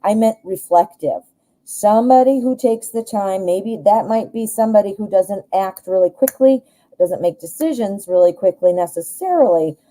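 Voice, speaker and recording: A woman with a Midwestern American accent talks her way through a live tarot reading, chatty and rambling. She often restarts her sentences and sounds easily excited. Her voice is very mellow and dark, at a middle pitch. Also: moderate pace, rough recording. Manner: chatty, rambling, enthusiastic, frequent restarts and fillers. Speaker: tarot reader, live show host.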